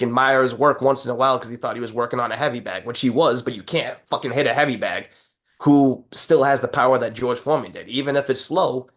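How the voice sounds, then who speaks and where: A man co-hosting a podcast in casual chat, telling stories with animated energy, acting out quotes and swearing freely. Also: medium pitch. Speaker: podcast co-host.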